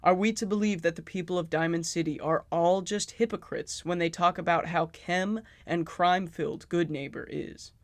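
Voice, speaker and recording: A man's voice: high-pitched, fairly even intonation, moderate pace, few pauses, no room sound. A man giving sarcastic, profane commentary on a video game. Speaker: video essayist.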